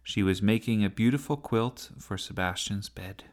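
A man narrating a children's story with a gentle, unhurried reading style. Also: fairly low pitch.

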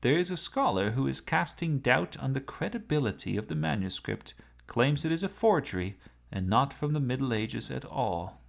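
A man voicing a talkative, polite self-driving sports car with a precise, matter-of-fact manner, with a lively, gravelly voice. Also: mid-range voice, normal speed, voice pushed up. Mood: chatty.

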